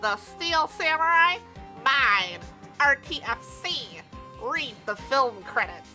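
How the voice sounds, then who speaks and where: A woman voicing a nerdy, smug male film producer in a game, pinching her nose for a nasal sound and speaking slowly and self-importantly. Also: high voice, big pitch swings, pushed and bright, heavily acted. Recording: game music behind.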